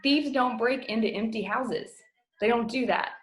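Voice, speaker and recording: A woman's voice: on the high side, normal speed. A woman in her thirties coaching her team from home over a video call, earnest and emotional, choking up at times, talking casually with lots of fillers. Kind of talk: motivational talk on a video call.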